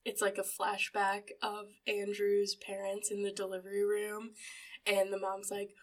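A woman's voice: medium pitch, monotone. A young woman co-hosting a podcast, reacting in casual chat with frequent laughter. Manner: laughs often, drawn-out reactions. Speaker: podcast co-host.

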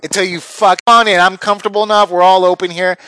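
A man's voice: high voice, level tone, fast, sharp tone, clear, resonant tone, no echo. A man telling a crude comic story, acting out other people's voices with big jumps.

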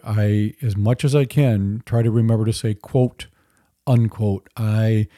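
A man talks through a solo faith podcast in an earnest, conversational way, dropping dry little asides. His voice is very dark and mellow at a middling pitch. The recording is dry and close. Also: no room sound. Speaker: podcast host. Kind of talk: solo Christian apologetics podcast.

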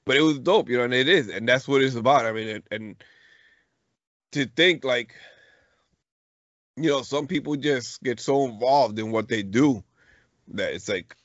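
A man's voice: mid-range voice, unhurried, pauses often, fairly bright tone, no echo. A middle-aged man co-hosting a podcast, chatting casually and telling a story in slangy speech full of restarts. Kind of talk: casual chat. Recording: dull lo-fi podcast recording.

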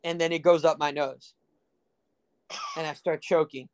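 A man's voice: on the high side, steady tone, unhurried, smooth. A young man from South Texas hosting a casual podcast, telling crude, rambling stories full of fillers and jokes. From Rio Grande Valley, Texas. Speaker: podcast host.

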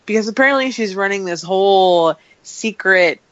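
A woman's voice: mid-range voice, normal speed, a bit bright, no room sound. A woman on a podcast panel in casual chat, talking at length in a chatty way. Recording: dry, dull lo-fi sound.

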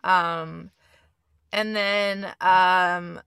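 A stuffed-up woman chats about a film with a gravelly edge and a bright, forward tone. She talks in quick restarts and laughs a lot, close to the mic in a dry room. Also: fairly low pitch, flat delivery, dry recording. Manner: chatty, laughs often, trails into restarts. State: stuffed-up nose. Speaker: podcast host. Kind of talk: casual chat about a film.

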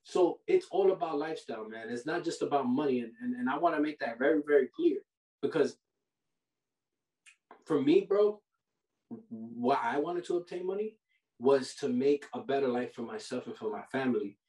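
A man hosting a podcast. He gives money advice in a casual, animated, preachy way, full of slang like "bro" and "yo". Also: mid-range voice, normal speed, distant mic. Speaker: podcast host. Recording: roomy sound from off the mic.

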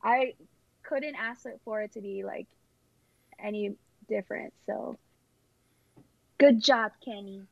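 Giggly young woman with gravelly fry. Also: medium pitch, measured pace, no echo. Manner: rambling, giggly, many fillers. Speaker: guest telling her engagement story. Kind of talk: casual chat. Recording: dull lo-fi sound.

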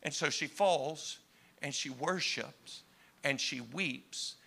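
A man delivers a sermon with a bright, forceful voice. He drops to slow, hushed phrases, then climbs into impassioned cries. He talks straight to his congregation. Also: fairly high pitch, vocal fry, husky. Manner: impassioned, swings from hushed to shouting. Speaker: preacher.

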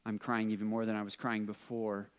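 A man's voice: lowish voice, completely flat delivery, brisk, smooth. A young adult man, a pastor, preaching a sermon as an earnest personal story, often restarting his words.

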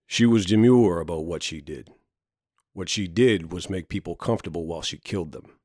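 A man narrating a story in a measured, even way. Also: deep voice, no room sound, studio quality.

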